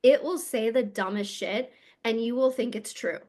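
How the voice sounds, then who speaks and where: Casting: woman energy coach, higher-pitched, blunt and emphatic, casual swearing monologue. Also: normal speed, a little mellow.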